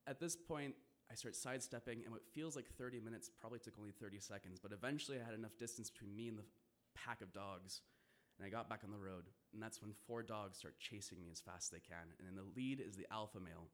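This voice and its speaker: A man's voice: lowish voice, fast talker. A man telling a vivid first-person story to an audience, swearing and laughing now and then.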